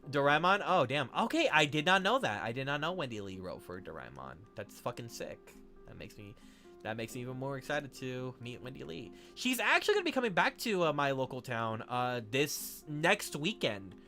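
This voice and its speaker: Excitable young man streaming to chat. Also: medium pitch, moderate pace, faint music behind. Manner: excitable, swears often, talks to chat. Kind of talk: casual live-stream chat while drawing.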